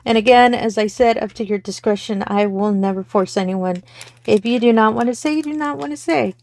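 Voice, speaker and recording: Rambling along in a friendly way, a middle-aged woman from Texas talks casually to her crafting-channel audience and keeps correcting herself. Her voice is a little high and a little fast, with a darkish tone.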